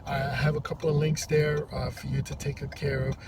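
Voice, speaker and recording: A man who drives for a rideshare service, telling a story to camera in a halting, rambling way, from inside a parked car. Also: mid-range voice, little pitch movement. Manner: rambling, halting with many restarts. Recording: distant mic with loud traffic noise. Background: loud vehicle and road noise.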